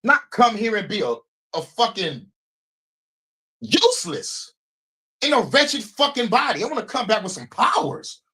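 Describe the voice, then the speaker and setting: A man's voice: very high voice, big pitch swings, measured pace, pauses often, bright, forceful tone. A man hosting a livestream in a rambling, profane, casual monologue, often breaking into laughs. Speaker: streamer host.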